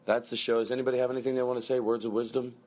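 A man hosting a comedy podcast, rambling and self-pitying, swinging into shouted rants. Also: mid-range voice, level tone, very fast. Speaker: podcast host.

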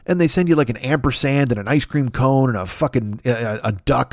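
A middle-aged man's brisk, slightly mellow, medium-pitched voice drives a profane comedic rant on his podcast, rambling and flaring into exasperated outbursts. The recording is dry and clean, studio quality.

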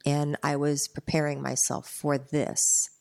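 A middle-aged woman, a gymnastics coach, telling a personal story in an interview in an earnest, reflective way, pausing and repeating words. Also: low-pitched, little pitch movement, vocal fry, a little mellow.

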